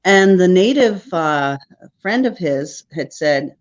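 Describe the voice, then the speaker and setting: A woman's voice: on the low side, expressive, slow. Woman, podcast guest, loose chatty storyteller, dull lo-fi recording. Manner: rambling, checks in with "right?". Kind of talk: casual storytelling.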